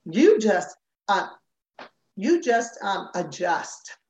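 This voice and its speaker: Animated older woman telling a story. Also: medium pitch, very slow. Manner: animated storyteller who acts out quoted voices and laughs often. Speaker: guest, former Rockette. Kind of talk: storytelling interview. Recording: roomy, slightly dull remote audio.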